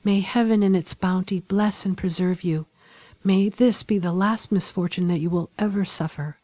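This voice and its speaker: Meek doomed young woman, gentle and resigned, read by a woman in a dry, mellow audiobook voice. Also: on the low side, moderate pace, no room sound. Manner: tender, pleading, softly grateful.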